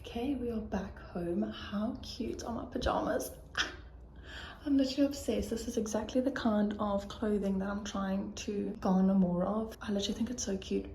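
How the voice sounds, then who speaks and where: A woman's voice: mid-range voice, fairly even intonation, normal speed, a little mellow, a little hiss or hum. A young woman in her twenties with a South African accent, chatting casually and cheerfully to her phone camera in a vlog, full of fillers and laughs. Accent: South African English. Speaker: vlogger. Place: in a car, then at home.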